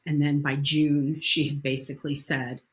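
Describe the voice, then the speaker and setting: Woman, very low pitch, podcast guest, casual blunt storytelling, swears freely. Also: level tone, normal speed. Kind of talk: casual interview chat.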